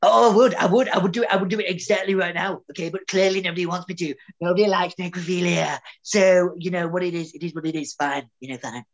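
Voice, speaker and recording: Over dull, lo-fi video call audio, a student actress plays a petulant, self-pitying male theatre director in an online amateur drama. Her fairly low voice keeps a steady tone, fast and with hardly any pauses, as she delivers a whiny, sulky, melodramatic performance.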